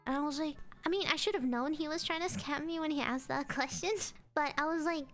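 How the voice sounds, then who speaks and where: A woman's voice: a little fast, fairly bright tone, soft background music. A woman streamer telling a casual, dramatic story about her own mishap, swearing freely. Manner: dramatic, swears freely, jumps between pitches. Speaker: virtual streamer.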